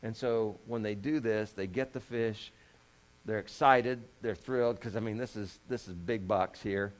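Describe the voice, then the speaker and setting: A man's voice: lowish voice, unhurried. A man preaching a conversational sermon as a pastor, folksy and joking, with lots of rhetorical questions.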